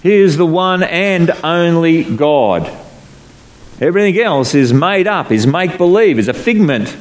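A man preaching a sermon to a congregation, swinging between low solemn passages and raised, emphatic ones, slowing to stress key phrases. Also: lively intonation. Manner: slows down to stress scripture phrases. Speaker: pastor. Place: church hall before a congregation.

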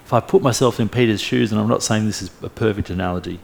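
A man preaching a sermon, retelling a story in a lively way with humorous asides. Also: fairly low pitch, fast talker, gravelly, slight background noise.

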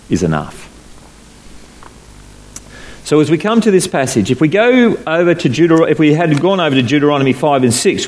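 A man preaching a sermon to a congregation, swinging between low solemn passages and raised, emphatic ones, slowing to stress key phrases. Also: darkish tone. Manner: slows down to stress scripture phrases. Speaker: pastor. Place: church hall before a congregation.

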